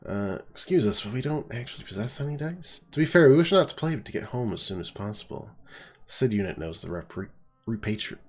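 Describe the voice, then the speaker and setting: A man's voice: medium pitch, very animated, a little fast, darkish tone. A man with a stuffy nose reading lines for a stranded young woman adventurer, earnest and a little theatrical.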